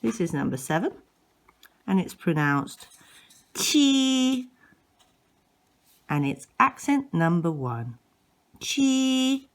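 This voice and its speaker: A woman teaching a language lesson, slowly modeling each word and exaggerating the tones for learners to repeat. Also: deep voice, sing-song, creaky. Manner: exaggerates rising and falling tones.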